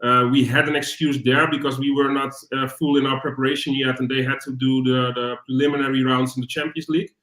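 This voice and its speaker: A man with a Dutch accent, a fan guest on a panel, talking in a halting way and repeating words. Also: medium pitch, level tone, a bit bright. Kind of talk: casual panel discussion. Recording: roomy echo.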